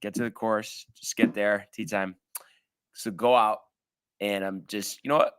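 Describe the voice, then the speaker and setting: A man's voice: fairly low pitch, fairly even intonation, measured pace, a bit bright, clean tone. A man co-hosting a casual sports show, telling a long story in a rambling way with lots of fillers. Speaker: podcast co-host.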